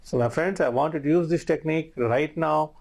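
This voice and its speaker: A male course instructor talks listeners through a recorded lesson in a gravelly, low-textured voice. His tone is dark and mellow, and he speaks earnestly, repeating key points and addressing the audience as friends. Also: brisk.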